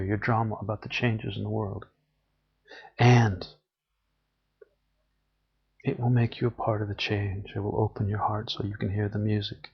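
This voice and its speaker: A man's voice: fairly low pitch, creaky, slightly rough. A man giving an earnest, emphatic spiritual talk, repeating phrases for emphasis. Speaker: spiritual teacher. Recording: dull lo-fi recording.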